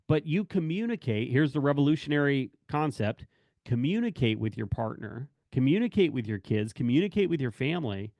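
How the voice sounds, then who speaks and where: A man's voice: mid-range voice, sing-song, fairly quick, a little mellow, no echo. A man who works in corrections talks candidly about work and family, rambling and correcting himself as he acts out bits of dialogue. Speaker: corrections officer speaking to staff.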